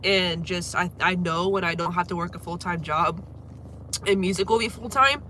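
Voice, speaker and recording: A woman's voice: fairly low pitch, moderate pace, bright, forceful tone, slight background noise. A young woman livestreaming from home, chatting casually and apologizing as she coughs through a cold. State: has a cold, congested and coughing. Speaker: livestreamer and singer.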